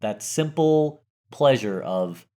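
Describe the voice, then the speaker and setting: A man's voice: mid-range voice, animated, takes it slowly, mellow. A man co-hosting a gaming podcast in casual chat, rambling and correcting himself. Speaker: podcast co-host.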